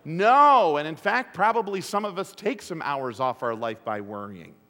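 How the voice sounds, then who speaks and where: A preaching pastor with a fairly high, sing-song male voice delivers a sermon to his congregation at a moderate pace, his tone fairly bright. He tells stories and keeps putting rhetorical questions to the room, and a long hall reverb hangs on the recording.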